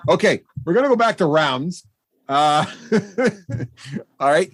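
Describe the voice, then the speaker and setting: A man runs a tabletop session as game master, playful and full of energy. His slightly high voice swoops up and down as he describes scenes. The sound is close and dry. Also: unhurried, no room sound. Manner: animated, playful. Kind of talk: running a tabletop game live.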